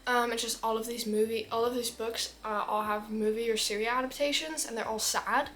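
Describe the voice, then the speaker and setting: A woman's voice: a little high, steady tone, brisk, a bit bright. A teenage girl chatting casually about books, rambling and full of fillers. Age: teens. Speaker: book vlogger. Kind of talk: casual chat.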